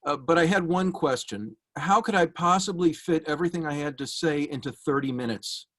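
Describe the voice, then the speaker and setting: Middle-aged man, higher-pitched voice, a guest reading a personal tribute with stories and fillers over a video call. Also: moderate pace. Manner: warm anecdotal delivery with frequent uh fillers. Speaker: guest speaker giving a tribute. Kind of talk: prepared tribute speech.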